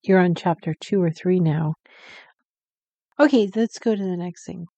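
A woman's voice: lowish voice, warm tone, dry recording, dull audio. A woman co-hosting a podcast, chatting about a book and agreeing often. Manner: agreeable, quick affirmations. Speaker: podcast co-host. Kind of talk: casual book discussion.

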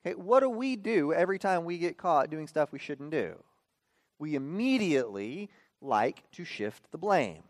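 A man in his thirties preaching a sermon as a pastor, often checking in with the listeners with quick rhetorical "okay?" and "right?". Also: fairly high pitch, very animated, no room sound, clean studio sound.

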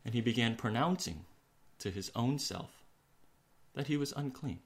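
Male pastor preaching; earnest, measured, hushed on the heavy lines. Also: medium pitch, lively intonation, creaky. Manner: earnest, slows for emphasis, drops to a hush on key words. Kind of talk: sermon.

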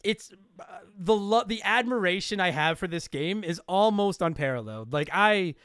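A man hosting a casual podcast, excitable and swearing freely into a close mic. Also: sits high, normal speed, clear, resonant tone, no room sound. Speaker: podcast host.

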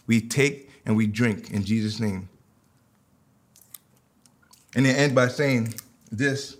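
A man preaching a sermon, leading communion and then telling a personal story with lively quoted dialogue. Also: mid-range voice, measured pace, pauses often. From New York. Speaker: pastor.

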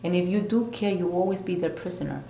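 Low voiced older lady, spiritual teacher vibe, earnest and repetitive, echoey room. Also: fast talker, gravelly, warm tone, slight background noise. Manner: earnest, emphatic, repeats phrases. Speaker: spiritual teacher and retreat leader. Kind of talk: casual podcast interview.

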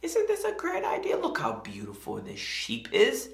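A preacher voicing a boastful, cheerfully self-assured king during a sermon, pitching the voice up high and keeping it upbeat. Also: wildly swooping pitch, moderate pace, vocal fry, echoey room. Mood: smug. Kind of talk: acted scripture quote in a sermon.

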